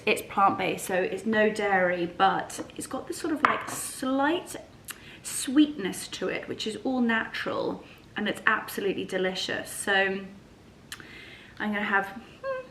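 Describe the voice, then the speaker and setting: A woman's voice: mid-range voice, expressive, unhurried, fairly bright tone, reverberant, a little hiss or hum. A woman chatting casually to camera in a lifestyle vlog from her kitchen at home, bubbly and gushing. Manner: bubbly and gushing, sing-song baby talk to her dogs. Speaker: lifestyle vlogger.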